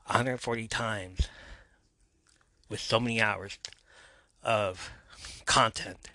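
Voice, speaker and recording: A man's voice: fairly low pitch, steady tone, slow, bright, forceful tone, dry recording. A man hosting his own wrestling podcast, rambling casually with lots of fillers and restarts. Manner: rambling, filler-heavy, self-mocking. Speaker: podcast host. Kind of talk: casual solo podcast talk.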